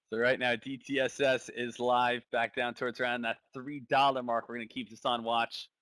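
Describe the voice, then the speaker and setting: Bright-voiced casual stock trading commentator man. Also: medium pitch, flat delivery, normal speed, no echo. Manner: casual, thinks aloud, repeats phrases. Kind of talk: live trading stream commentary.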